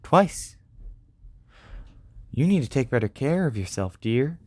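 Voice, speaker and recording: A man's voice: mid-range voice, very animated, slow pace, no room sound, voice pushed up. A man voicing a kindly, motherly woman mechanic with a Southern US accent. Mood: doting. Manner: sweet, doting.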